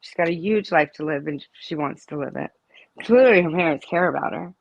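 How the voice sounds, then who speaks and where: Middle-aged woman, guest telling a story; lowish voice, emphatic, dry close recording. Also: fairly quick, gravelly, no echo, highs cut off. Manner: emphatic, storytelling, with many restarts. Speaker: interview guest, mother of a student. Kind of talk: casual interview conversation.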